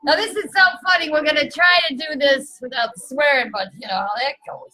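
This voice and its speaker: Giggly woman chatting and telling jokes, high bright voice, music going in the background. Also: a little fast, low-quality recording. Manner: giggly, animated, keeps breaking into laughter. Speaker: host. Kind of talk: casual holiday chat.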